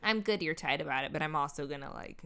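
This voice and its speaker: A woman's voice: deep voice, quick pace, pushed and bright. A young woman co-hosting a casual chat, playful and teasing, laughing often. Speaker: podcast co-host.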